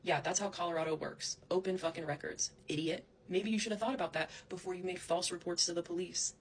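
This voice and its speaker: A woman's voice: lowish voice, steady tone, fast talker, slight background noise. A woman delivering a heated, profane, accusatory vlog rant, speaking straight at the person she blames. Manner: heated, profane, accusatory, addresses someone directly. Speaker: vlogger. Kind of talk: angry direct-to-camera rant.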